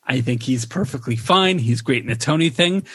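A man co-hosting a casual TV review chat, animated and quick to mimic his own reactions. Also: medium pitch, husky, dry recording. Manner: animated, quotes reactions in raised voice. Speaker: podcast co-host.

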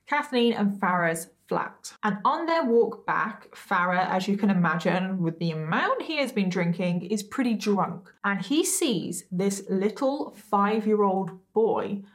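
A woman's voice: medium pitch, lively intonation, unhurried, few pauses. A woman hosting a true crime show, telling the case in a casual, chatty way, often breaking off into giggles and asides.

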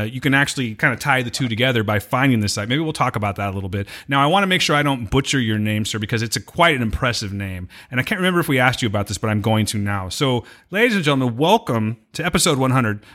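Lively fast-talking male podcast host. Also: medium pitch. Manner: loose, joking, swears freely. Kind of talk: casual podcast chat.

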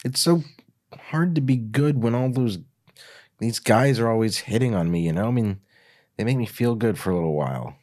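A man voicing a teary, manipulative young woman who pleads in a raised, breathy voice. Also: medium pitch, lively intonation, normal speed, a little mellow, natural voice. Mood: scared pleading.

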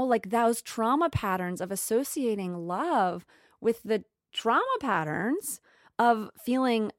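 An earnest woman shares her spiritual growth in a reflective monologue. She keeps coming back to the same phrases and often drops soft and slow. Her voice sits at a middle pitch and sounds dry and close to the mic. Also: dry recording.

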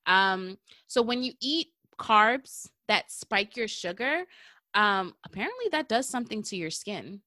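A woman's voice: mid-range voice, animated, unhurried, sharp tone, no room sound, studio quality. A woman in her thirties hosting a podcast, chatting casually and slangily about skincare, laughing often. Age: 30s. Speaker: podcast host. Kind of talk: casual chat.

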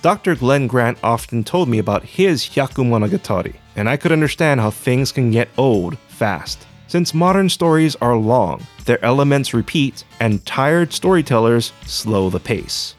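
A man narrating a scripted story in a measured, even delivery. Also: medium pitch, soft background music.

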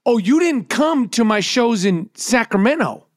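A middle-aged man talks in a brash, profane, storytelling way on a podcast. His voice sits unusually high for a man. The sound is dry, with no room around it. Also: very animated, a little slow, no echo. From New York. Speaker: podcast host and comedian. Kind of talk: casual podcast chat.

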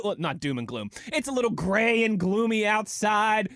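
A young man co-hosting a sports radio show in a studio, energetic and playful, stretching words for effect. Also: high-pitched, normal speed, few pauses, no room sound. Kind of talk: upbeat sports talk radio.

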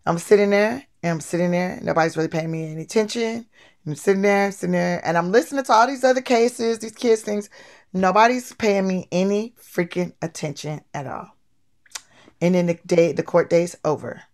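A woman guest telling stories from her life in a casual, lively way, acting out the people she quotes. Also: lowish voice, brisk. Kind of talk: casual storytelling.

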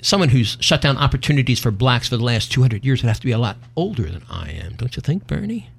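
A man's voice: mid-range voice, big pitch swings, quick pace, gravelly, husky. Folksy opinionated male talk host. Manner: folksy, opinionated, half tongue-in-cheek. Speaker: podcast host. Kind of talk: casual talk show banter.

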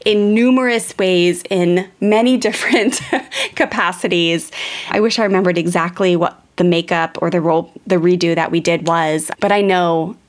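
A woman's voice: lowish voice, steady tone, normal speed. A woman in her thirties, a parenting educator, talks straight to her listeners in a candid, chatty monologue. She strings thoughts together loosely, with plenty of fillers. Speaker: parenting educator and podcast host. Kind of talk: casual storytelling monologue.

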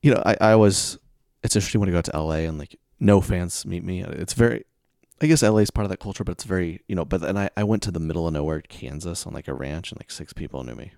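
A man's voice: deep voice, fast talker, creaky, darkish tone, no room sound, clean studio sound. A man telling stories in a casual monologue, acting out both sides of conversations with sudden exasperated bursts. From American Heartland. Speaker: podcast host.

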